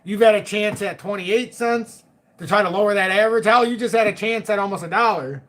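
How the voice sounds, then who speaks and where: A man's voice: high-pitched, a little fast, fairly bright tone. A middle-aged man hosting a live chat stream, joking, laughing often and swearing casually. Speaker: livestream host.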